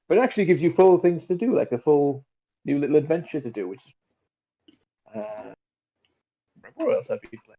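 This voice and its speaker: A man's voice: fairly high pitch, expressive, fairly quick, long pauses, phone-quality sound. A man who is a guest on a gaming podcast, speaking casually and hesitantly as he searches for words.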